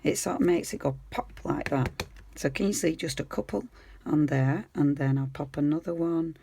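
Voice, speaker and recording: A woman's voice: low voice, normal speed, vocal fry, dark tone, a little hiss or hum. A woman giving a chatty, enthusiastic craft tutorial, talking her viewers through each step as she works. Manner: chatty, enthusiastic, talks while working. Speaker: craft demonstrator.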